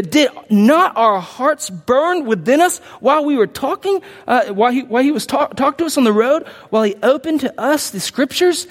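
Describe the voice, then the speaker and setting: A man with a fairly high voice preaches a sermon, reading scripture and then stopping to comment with animated bursts of excitement. His voice rings through a large hall with a long reverb. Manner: animated, breaks into excited outbursts and laughs. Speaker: pastor.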